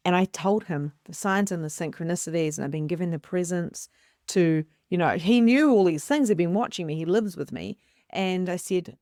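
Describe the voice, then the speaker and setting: A woman's voice: fairly low pitch, normal speed, no room sound, clean studio sound. A middle-aged woman, a psychic medium host, telling a story casually to the camera and acting out the voices she quotes. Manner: animated, acts out quoted voices.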